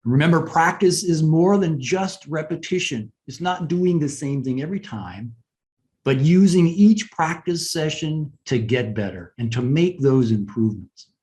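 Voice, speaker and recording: A man giving a webinar lesson on presentation skills in a conversational way, often asking "right?" and pausing to stress points. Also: a little high, expressive, darkish tone.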